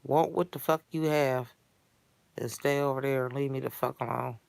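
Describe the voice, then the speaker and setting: A woman delivering a blunt, foul-mouthed comedic rant in streetwise slang that builds to shouting. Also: a bass voice, fairly even intonation, moderate pace, vocal fry, no echo. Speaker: character monologue performer.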